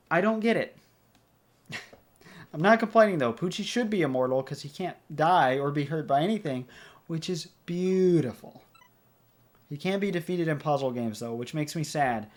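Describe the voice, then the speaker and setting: A let's play host casually commenting on a puzzle game. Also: mid-range voice. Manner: chatty, rambling.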